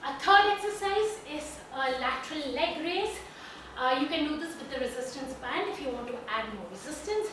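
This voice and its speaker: A woman's voice: high voice, lively intonation, normal speed, hardly any pauses, noisy background. A woman with an Indian accent coaching a home workout while exercising herself, out of breath as she talks through each move. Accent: Indian English. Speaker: fitness instructor. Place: room at home. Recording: very echoey room, from far off.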